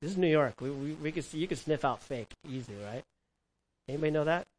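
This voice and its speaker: A man preaching a sermon who asks the congregation questions and acts out prayers and quotes, swinging from loud cries to hushed words. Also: a little high, fast talker, low-quality recording. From California. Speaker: pastor.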